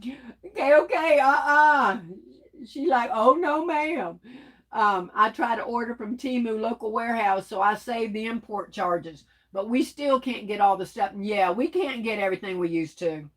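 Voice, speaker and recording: A woman's voice: medium pitch, normal speed, hardly any pauses. A woman hosting a casual livestream, chatty and laughing often as she reads viewer comments aloud. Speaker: livestream host reading chat.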